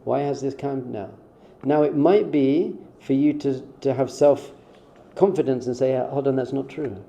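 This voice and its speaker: A man's voice: mid-range voice, unhurried, mellow. A man who is a rabbi, giving a conversational spiritual talk in an informal way and acting out short quoted exchanges. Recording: dull, muffled sound.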